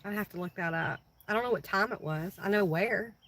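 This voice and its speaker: Bright, chatty middle-aged woman livestreaming. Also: medium pitch, fairly quick, slight background noise, rough recording. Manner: chatty, addresses viewers by name and answers comments. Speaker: livestream host. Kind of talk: casual livestream chat with viewers.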